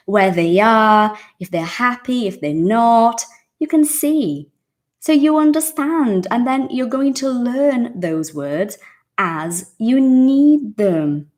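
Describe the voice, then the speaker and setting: A woman's voice: fairly high pitch, darkish tone. A woman hosting a live English lesson, chatting with viewers and acting out little dialogues. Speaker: English teacher and live-stream host. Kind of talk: casual live-stream teaching, reading viewer comments.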